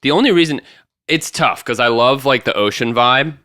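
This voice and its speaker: A young man co-hosting a podcast in casual chat, animated and full of filler words, with a crackly morning voice. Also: medium pitch, moderate pace, no echo, clean studio sound. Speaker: podcast co-host.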